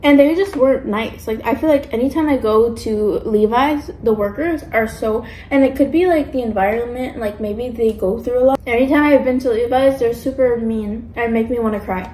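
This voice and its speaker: A woman's voice: a little high, normal speed, few pauses, dark tone, slight background noise. Chatty young woman venting, echoey room. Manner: chatty, filler-heavy ranting about pet peeves. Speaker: mukbang vlogger. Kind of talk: casual chat while eating.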